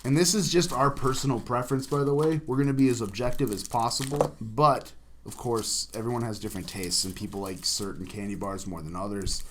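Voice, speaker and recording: A man's voice: mid-range voice, fairly quick, slight background noise. Joking young man from the Midwest. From American Midwest. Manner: joking, bursts of loud excitement. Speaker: co-host. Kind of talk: casual comedic chat.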